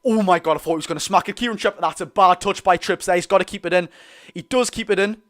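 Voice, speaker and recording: A young man with a Geordie accent hosting a live football watch-along, chatty and excitable, bursting into loud reactions. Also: high voice, fast talker. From North East England. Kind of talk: live fan commentary.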